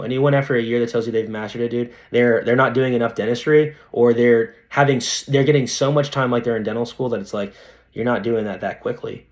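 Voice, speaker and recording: A man's voice: medium pitch, brisk. A young man, a dentist guest on a podcast, chatting casually and animatedly, full of slang. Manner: animated, slangy, says dude a lot. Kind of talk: casual interview chat.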